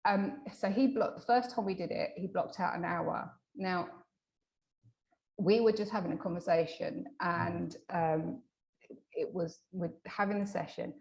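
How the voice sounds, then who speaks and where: A woman hypnotherapist in a casual interview, telling a client story with lively acted-out quotes and frequent restarts. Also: fairly low pitch, unhurried, vocal fry. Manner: animated, acts out quoted dialogue; many fillers and restarts. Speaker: hypnotherapist guest.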